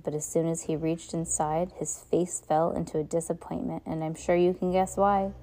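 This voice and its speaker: Woman reader, low and warm, casual read-aloud with restarts. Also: little pitch movement, moderate pace. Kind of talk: reading a novel aloud.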